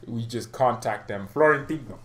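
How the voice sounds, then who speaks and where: A man's voice: fairly low pitch, animated, moderate pace, reverberant. A man hosting a fan channel, chatting casually on a live stream, joking, ranting and answering viewer comments with frequent laughs. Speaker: football fan channel host.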